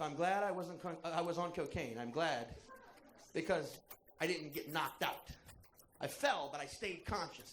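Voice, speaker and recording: A male stand-up comedian with a high, lively voice, telling a crude story and swinging up into shouts. The sound is echoey, as in a room, with faint noise behind him. His delivery is animated.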